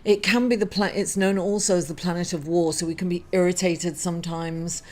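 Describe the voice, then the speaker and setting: A middle-aged woman reading weekly horoscopes, emotional after a loss and halting, with many fillers and apologies. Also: on the low side, fairly even intonation, darkish tone. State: emotional, grieving. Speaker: astrology reader.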